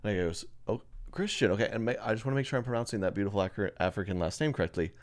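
Deep-voiced man co-hosting a chat podcast. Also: racing. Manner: jokey, laughs often. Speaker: podcast co-host. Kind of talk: casual chat.

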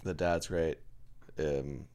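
A man's voice: extremely low pitch, steady tone, takes it slowly, a little mellow. A young man co-hosting a casual podcast, joking and laughing often. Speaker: podcast co-host. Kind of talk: casual chat.

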